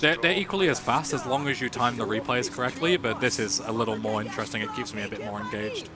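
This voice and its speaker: An Englishman commentates on his own speedrun at a live charity marathon, relaxed and chatty with plenty of filler words. His voice is medium-pitched and he talks fast.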